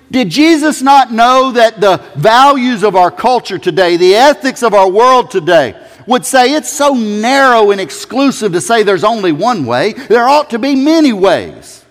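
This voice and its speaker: A male pastor preaching a sermon in a folksy, emphatic way, building to loud peaks. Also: high voice. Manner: folksy, emphatic, rising to shouts. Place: church sanctuary. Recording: church hall reverb.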